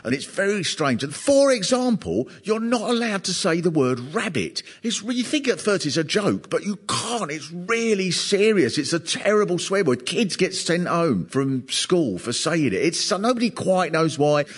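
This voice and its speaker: A male comedian telling comic stories in an animated way, often laughing at his own tales. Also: sits high, moderate pace, few pauses, breathy edge. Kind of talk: comic storytelling monologue.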